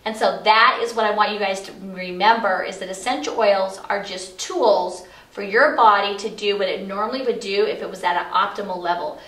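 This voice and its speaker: A middle-aged woman gives a casual, chatty lesson on essential oils, using lots of fillers. She speaks a little fast at medium pitch with few pauses and a slightly bright tone, recorded far from the mic in an echoey office.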